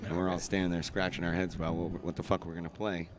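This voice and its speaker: Low-voiced rambling host over music. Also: male voice, level tone, fast talker. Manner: rambling, profane, laughing storyteller. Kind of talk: casual chat and storytelling on a live music show.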